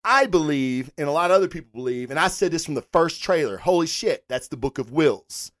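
A fan-show host talking casually on a livestream and answering viewers in chat, animated and rambling, who swears freely. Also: medium pitch, a little fast, dry recording.

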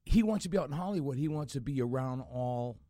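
A middle-aged man tells stories in a casual podcast interview. His pitch swings widely, and he often restarts his sentences. The studio sound is dry and close. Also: quick pace, no echo. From Boston area. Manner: animated storyteller with frequent restarts and fillers. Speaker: guest actor.

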